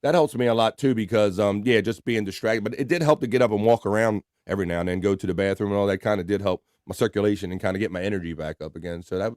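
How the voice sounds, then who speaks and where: A man's voice: lowish voice, fast, hardly any pauses, darkish tone, dry recording, studio quality. A man hosting a livestream in a casual, laid-back chat, reading out viewer comments and swearing freely. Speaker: livestream host.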